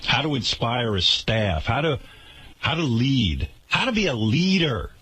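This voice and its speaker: Radio host guy ranting, sarcastic, forceful husky voice. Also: medium pitch, big pitch swings, a little slow, no room sound. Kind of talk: radio talk show rant.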